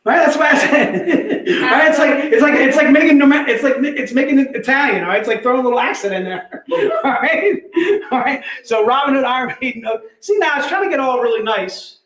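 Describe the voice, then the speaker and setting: A man's voice: very high-pitched, fairly quick, fairly bright tone. A man hosting a casual live sales stream from an office, joking around, laughing often and calling people "dude". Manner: jokey, laughs often, says "dude" a lot. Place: company office. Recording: roomy echo.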